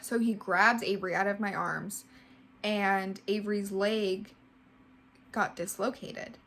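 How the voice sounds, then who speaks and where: A woman's voice: mid-range voice, fairly even intonation, slow, a bit bright. A woman in her twenties giving a casual storytime vlog, emotional and full of "like". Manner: heavy use of "like", emotional retelling. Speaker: vlogger.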